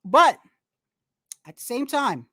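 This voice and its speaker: A woman hosting a boxing channel livestream, ranting in animated, profane, slangy talk full of restarts. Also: sits high, slow, dry recording, studio quality. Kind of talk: casual livestream commentary.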